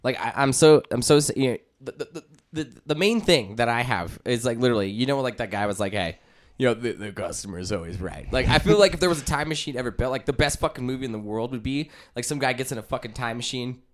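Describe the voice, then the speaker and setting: A young man co-hosting a casual podcast, rambling and swearing, often slipping into loud mocking voices. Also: mid-range voice, fast. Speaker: podcast co-host.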